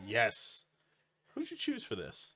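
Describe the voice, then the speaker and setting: A man's voice: medium pitch, wildly swooping pitch, bright, forceful tone. A man co-hosting a podcast, talking about wrestling in a blunt, casual way with frequent swearing. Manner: blunt, swears often, quick laughs. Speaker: podcast co-host.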